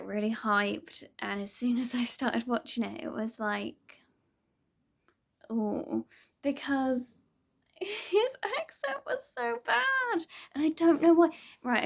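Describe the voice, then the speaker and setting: A woman's voice: on the high side, vocal fry. A young woman vlogger chatting casually to camera, rambling and hesitant with many restarts.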